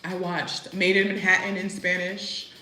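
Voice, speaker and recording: A woman's voice: fairly low pitch, little pitch movement, unhurried, pushed and bright, echoey room, low-quality recording. A young American woman casually telling stories to the camera, chatty and full of fillers. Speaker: vlogger. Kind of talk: casual storytelling chat.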